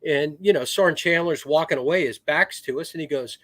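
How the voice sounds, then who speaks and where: A middle-aged man talks through long military anecdotes with plenty of restarts and acted-out quotes. His voice sits a bit high for a man. The sound is very dry and close, with no room around it. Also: fairly quick, a bit bright, no room sound. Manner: rambling war stories with restarts, acts out quoted voices. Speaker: podcast guest, retired Marine officer. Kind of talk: casual storytelling.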